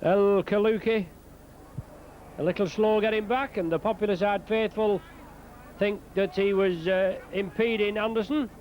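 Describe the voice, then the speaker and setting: Outdoors at a rugby league match, a man delivers live commentary in a high voice with fairly even intonation and a darkish tone. He calls player names in quick bursts and rises at scoring moments, with slight background noise.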